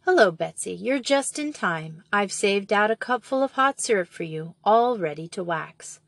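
A woman reading a storybook and voicing a brisk, practical young farm woman who speaks in a matter-of-fact way. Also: medium pitch, animated, creaky, dry recording.

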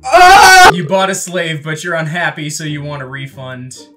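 A man hosting a casual online drawing game with friends, reading prompts aloud with loud outbursts and frequent laughter. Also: a little high, normal speed, loud music behind the voice. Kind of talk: casual gaming chat.

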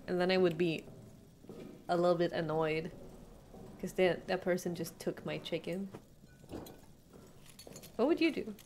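A woman's voice: on the low side, animated, measured pace, pauses often, darkish tone, a little hiss or hum. A young woman streaming a game, chatting casually with her viewers, asking them questions and laughing often. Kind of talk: casual live-stream chat while playing.

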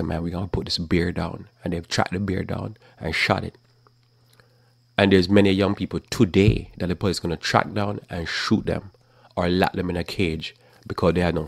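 A man preaching Bible commentary on his live talk program, scolding and forceful, mocking the voices of people he disagrees with and often restarting his words. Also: low voice, vocal fry, dry recording, studio quality. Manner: casual speech with repeated restarts.

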